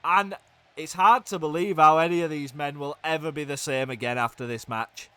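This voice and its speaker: A young man giving excitable play-by-play commentary on a wrestling video game, swinging from hushed groans to loud shouts. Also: fairly high pitch, normal speed, clear, resonant tone, no room sound.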